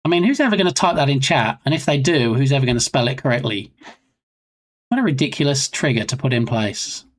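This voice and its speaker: A man's voice: medium pitch, expressive, a little fast. A man chatting casually on a live game development stream, rambling and self-mocking.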